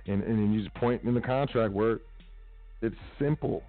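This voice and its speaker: Talk radio host, male, low voice, casual and emphatic, phone-thin sound, dry. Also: normal speed, soft background music. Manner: casual, emphatic, repeats phrases. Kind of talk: motivational talk radio monologue. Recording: tinny phone-like line, dry.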